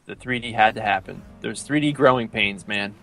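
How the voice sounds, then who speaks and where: A man's voice: fairly low pitch, moderate pace, vocal fry, loud music behind the voice. Laid-back male podcast co-host. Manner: laid-back, says dude and man. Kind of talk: casual chat.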